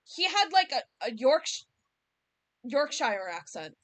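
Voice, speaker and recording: A woman from the United States talks casually to her stream in a fairly high voice. She takes her time and thinks aloud, looping back to rephrase her points as she goes. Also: sing-song, slow pace, a bit bright, no echo. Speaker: streamer and series creator. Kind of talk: casual livestream chat.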